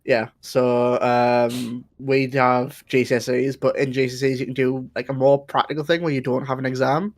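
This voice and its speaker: A man's voice: medium pitch, flat delivery, normal speed, few pauses. A man with a northern English accent chats casually as co-host. He is blunt and swears freely. His voice sits in the middle range for a man. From northern England. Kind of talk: casual chat.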